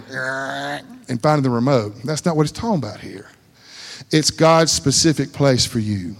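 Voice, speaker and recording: A man preaching an informal sermon in a folksy, conversational way, repeating phrases for emphasis. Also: a little high. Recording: long hall reverb.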